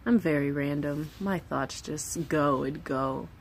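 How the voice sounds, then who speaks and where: A woman's voice: low voice, slow. Woman, 30s, mother vlogger: raw, heartfelt, foul-mouthed, light hiss. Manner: candid, emotional, swears freely, acts out quoted voices. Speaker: mother of three. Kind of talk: casual vlog monologue.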